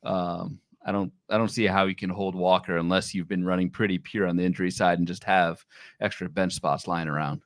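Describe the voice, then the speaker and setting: A man co-hosting a fantasy baseball podcast, talking casually and animatedly with quick restarts. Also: sits low, fairly even intonation, dry recording, clean studio sound. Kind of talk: casual sports chat.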